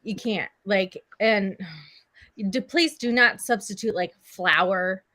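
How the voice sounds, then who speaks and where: A woman's voice: medium pitch, takes it slowly, pushed and bright, no echo, rough recording. Emphatic, exasperated woman in a dry room. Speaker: live stream co-host. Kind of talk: casual chat.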